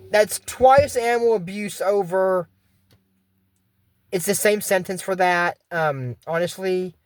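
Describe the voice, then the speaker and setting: A man casually recapping a cartoon episode. He rambles with fillers and asides, and reads character lines aloud in a flat way. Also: a little high, dry recording.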